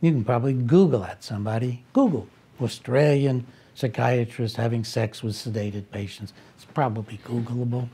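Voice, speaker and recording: A man's voice: mid-range voice, normal speed, few pauses, dark tone, husky. A man telling a personal story in a conversational way, with wry asides and restarts. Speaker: speaker recounting a personal conflict.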